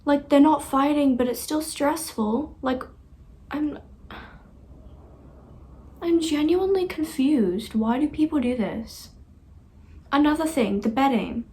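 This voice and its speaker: Brief: young woman, reaction host, chatty and earnest, easily touched, slightly high voice, unhurried delivery. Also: darkish tone. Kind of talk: casual reaction commentary.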